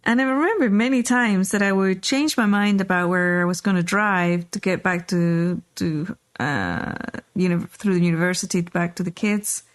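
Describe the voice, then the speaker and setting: A woman's voice: on the low side, normal speed, few pauses. A middle-aged woman hosting a podcast, telling a personal story in a loose, rambling way with lots of fillers and restarts. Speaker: podcast host. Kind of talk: casual storytelling chat.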